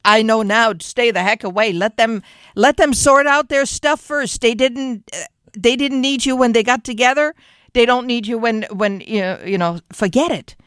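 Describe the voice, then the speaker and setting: An older woman from Germany with a slight German accent, hosting a radio show in a studio and chatting in an animated, rambling way full of fillers. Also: fairly high pitch, normal speed, smooth, no room sound. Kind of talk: casual radio chat.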